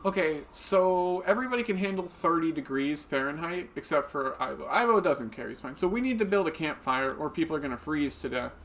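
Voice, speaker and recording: A man's voice: fairly high pitch, lively intonation, brisk, hardly any pauses, a bit bright. Chatty, giggly man streaming a game. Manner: chatty and giggly, talks to viewers while playing. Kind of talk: casual live-stream commentary. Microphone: desk microphone.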